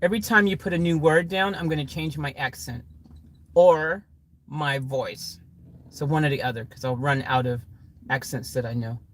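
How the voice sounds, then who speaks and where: A woman's voice: sits low, normal speed. A woman hosting a livestream, chatting playfully with her viewers and laughing often as she sets up an improvised story. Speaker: livestream host. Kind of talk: casual improv storytelling to a chat.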